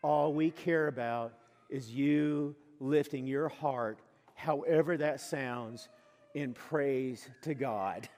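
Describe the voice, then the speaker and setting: Preacher in a reverberant church hall. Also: male voice, mid-range voice, slow pace. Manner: earnest, conversational, swings between soft asides and loud emphatic lines. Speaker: pastor. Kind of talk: sermon. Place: church sanctuary.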